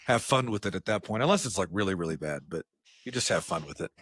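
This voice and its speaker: A man co-hosting a podcast, telling workplace stories in casual chat and acting out the quotes with big jumps in pitch. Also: quick pace, breathy edge, dry recording. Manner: animated storyteller, acts out quotes with jumps in pitch. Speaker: podcast co-host.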